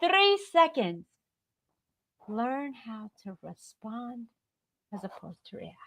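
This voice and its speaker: A woman from the United States giving an animated motivational talk as a guest on a live stream, shifting her tone to act out examples. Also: on the high side, slow pace, noisy background. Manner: animated, acts out example remarks in varied tones. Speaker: guest speaker. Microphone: video call.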